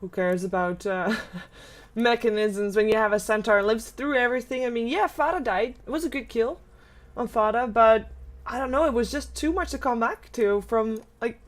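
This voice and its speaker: Young woman casting esports live, kinda high voice, excitable fast play-by-play. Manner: excitable, quick play-by-play with laughs. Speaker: esports caster. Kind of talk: live game commentary.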